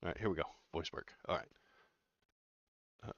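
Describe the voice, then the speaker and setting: A man's voice: low voice, moderate pace, fairly bright tone, no echo, lo-fi sound. A man giving casual, sarcastic political commentary as he reads news aloud, rambling with many fillers.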